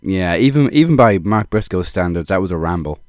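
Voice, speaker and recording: Low, laid-back wrestling podcast man. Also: expressive, brisk, no echo, studio quality. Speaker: podcast co-host. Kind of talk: casual wrestling chat.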